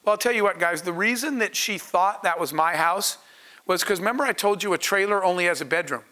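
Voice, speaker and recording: A man's voice: high voice, fairly quick, bright, forceful tone. A man, a startup founder, telling a story to an audience in an earnest, conversational way with asides to the crowd. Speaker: startup founder speaking on a panel.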